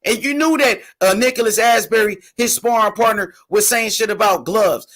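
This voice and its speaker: High-pitched dude, heated argument, keeps cutting in with bro. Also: male voice, normal speed, a bit bright. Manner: insistent, interrupting, keeps saying bro. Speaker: boxing show host. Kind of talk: heated casual debate.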